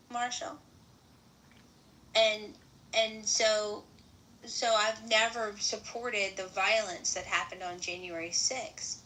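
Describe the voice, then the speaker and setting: Casual chat host, woman, bright tone, questioning manner, slight background noise. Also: mid-range voice, low-quality recording. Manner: questioning, conversational.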